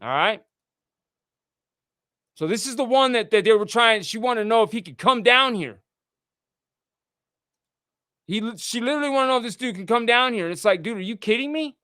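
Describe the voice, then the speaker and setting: Very high and expressive, the man's voice keeps a normal speed but includes long pauses, sounding pushed and bright. It's studio quality with no room sound. He's a livestream host reading out texts and ranting indignantly, profanely, in a casual rant.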